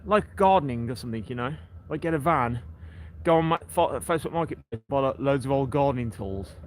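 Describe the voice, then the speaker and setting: A man's voice: mid-range voice, animated, fairly quick, a little hiss or hum, low-quality recording. A man, hosting a casual walking livestream by the sea and chatting to his viewers by name. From England. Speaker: livestream host. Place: outdoors on a seaside breakwater.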